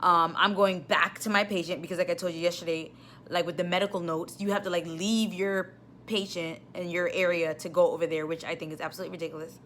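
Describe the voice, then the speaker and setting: This ER nurse vlogger, a young woman with a New York accent, talks at a quick pace in a lowish voice, and the recording carries a slight hiss or hum. Her casual story gets increasingly exasperated, animated, and punctuated by rising outbursts.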